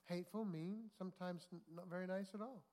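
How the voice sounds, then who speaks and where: A male pastor preaches with a fairly high voice. He tells stories, acts out what people said and keeps asking the congregation for an amen. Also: fairly even intonation, brisk, warm tone. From United States. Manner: storytelling, acting out quotes, asking the congregation for amens. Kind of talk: sermon.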